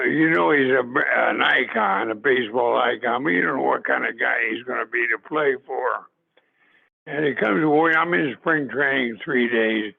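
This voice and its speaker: A man's voice: medium pitch, creaky, slightly rough. An older man, a former ballplayer, tells stories in a rambling way, restarting and repeating himself often. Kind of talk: anecdotal storytelling. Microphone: video call. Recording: tinny phone-like video call audio.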